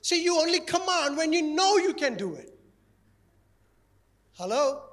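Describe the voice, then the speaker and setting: High-voiced male pastor preaching. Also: a little slow. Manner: animated, playful, repeats key phrases. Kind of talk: sermon.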